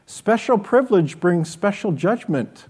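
A man's voice: sits high, animated, unhurried, a little mellow, slightly rough. A man preaching a sermon with a voice that sits a little above the usual male range. He speaks in an earnest, direct way and keeps putting rhetorical questions to his congregation. He sounds like a pastor who knows his listeners well. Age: adult with children.

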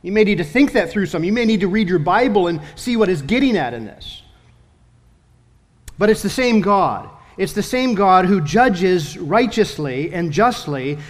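High-voiced pastor preaching in a reverberant hall. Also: male voice, animated. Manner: earnest preaching with emphatic slowed phrases. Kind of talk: sermon. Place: church sanctuary.

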